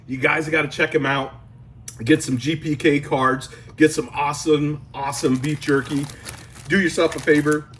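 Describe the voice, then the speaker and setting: A man's voice on the high side, with a fairly bright tone and a little hiss or hum. Hosting his card collecting channel from home, he offers a casual review of jerky, eagerly chatty and exclaiming as he eats.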